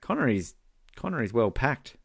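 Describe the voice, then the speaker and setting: A man co-hosting a podcast, teasing and chatting quickly over a film commentary. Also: medium pitch, very animated, vocal fry, slight background noise. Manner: fast, teasing. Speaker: podcast co-host. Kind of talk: casual movie commentary chat.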